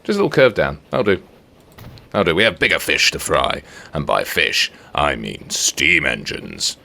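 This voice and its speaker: Man, extremely deep voice, bouncy animated delivery, casual gameplay commentary, jokey and chatty. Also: normal speed, gravelly. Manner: chatty and playful, jokes with himself while building. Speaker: let's play host.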